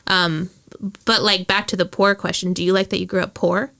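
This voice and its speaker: A woman's voice: lowish voice, level tone, a little fast, pushed and bright. A woman guest on a podcast, speaking thoughtfully with some hesitation and many short yeahs. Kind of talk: casual chat.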